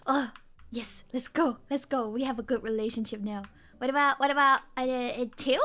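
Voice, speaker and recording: A woman's voice: high voice, steady tone, normal speed, fairly bright tone. A young woman streaming a game, gushing in cutesy baby talk. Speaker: VTuber streamer. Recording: faint game music.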